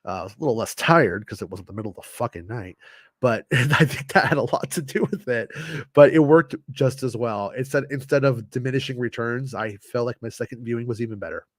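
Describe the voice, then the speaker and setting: A man hosting a casual livestream, reading from an article and reacting with loose, swearing commentary, slightly ill and clearing his throat. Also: medium pitch, a little fast, dry recording, studio quality. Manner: chatty, reads quotes then reacts with swearing and laughs. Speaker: host reading an interview article.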